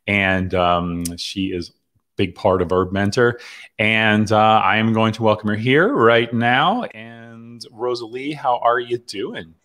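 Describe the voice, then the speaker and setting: Middle-aged man, low voice, casual livestream host, rambling, filler-heavy, video call mic. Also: slow pace, a bit bright. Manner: chatty, rambling, with many fillers and restarts.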